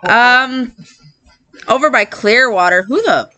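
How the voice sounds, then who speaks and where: A woman co-hosting a casual podcast chat, profane and quick to laugh, often trailing off mid-thought. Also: on the high side, animated, pushed and bright. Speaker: podcast co-host.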